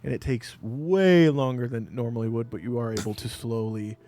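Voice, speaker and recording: A man narrating a tabletop game as game master, telling the scene in a relaxed way with small fillers. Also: medium pitch, a little fast.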